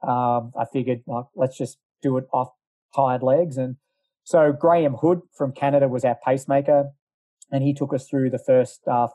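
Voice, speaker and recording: A man's voice: mid-range voice, warm tone, dry recording. A middle-aged man who used to be a distance runner, telling a story in a casual, rambling way with lots of fillers and asides. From Australia.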